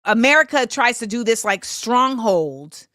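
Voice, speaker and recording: A woman hosts a livestream, reading out viewer comments and answering with blunt opinions. Her voice sits a little high and comes across sharp and forceful. The recording is dry, with no room echo. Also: lively intonation, unhurried. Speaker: host.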